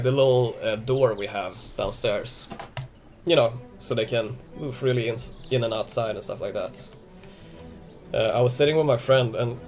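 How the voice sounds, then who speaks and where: Rambling young man streaming a game. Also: mid-range voice. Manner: rambling, many restarts and fillers, swearing freely. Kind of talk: casual live-stream chat.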